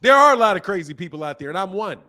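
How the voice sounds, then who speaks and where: A man in his fifties hosting a boxing stream and talking straight back to his chat. He sounds fed up and animated, and his voice sits fairly high and swings a lot. The talk is loose and unscripted. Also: very fast. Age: 50s. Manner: animated, exasperated ranting at chat. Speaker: boxing channel host. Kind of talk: live stream chat reading comments.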